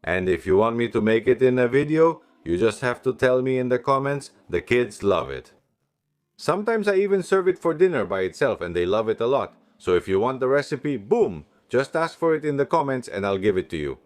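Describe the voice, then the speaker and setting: Lively, upbeat man cooking at home. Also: medium pitch, a little fast, no room sound. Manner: enthusiastic, chatty, talks straight to viewers. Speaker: cooking channel host. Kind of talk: casual cooking demonstration.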